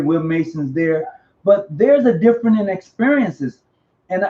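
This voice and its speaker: Man, host, high voice, animated, slangy, dull lo-fi recording. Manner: animated, slangy, repeats himself. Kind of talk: casual live online interview. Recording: dull lo-fi audio.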